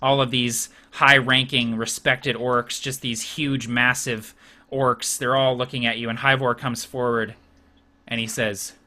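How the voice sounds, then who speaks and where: Bright-toned male game master. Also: medium pitch, flat delivery, measured pace. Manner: casual, with frequent fillers and restarts. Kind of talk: narrating a tabletop game.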